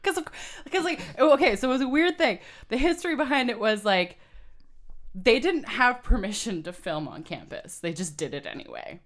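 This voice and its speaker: A woman's voice: a little high, animated, moderate pace. Candid woman telling a story. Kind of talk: casual chat.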